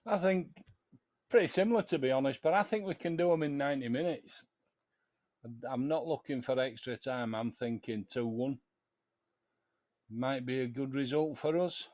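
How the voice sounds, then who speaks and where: A man's voice: medium pitch, moderate pace, long pauses, a little mellow. A man chatting casually on a podcast, talking football tactics. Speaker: podcast regular. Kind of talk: casual chat.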